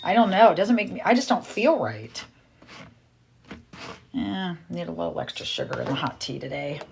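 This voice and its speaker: A woman's voice: fairly low pitch, animated, moderate pace, creaky, noisy background. A middle-aged woman chatting casually on a livestream, rambling and exasperated as she talks to viewers. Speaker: livestream host.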